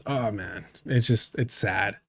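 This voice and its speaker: Low-pitched and slow, this male livestream commentator curses constantly while reacting to clips. He mocks the people he talks about and does exaggerated impressions of them.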